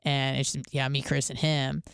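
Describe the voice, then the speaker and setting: Female radio host, smooth clear voice, dry close sound, candid rambling chatter with fillers and swearing. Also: extremely low pitch, little pitch movement, a little slow, dry recording. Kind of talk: casual storytelling monologue.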